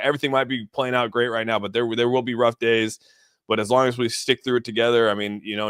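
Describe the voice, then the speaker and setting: On a live stream, this man walks through crypto charts in an offhand, talkative way, frequently starting sentences over and reading aloud what donors send in. His voice sits low but carries some brightness, clear and resonant. The recording is dry, with clean studio quality.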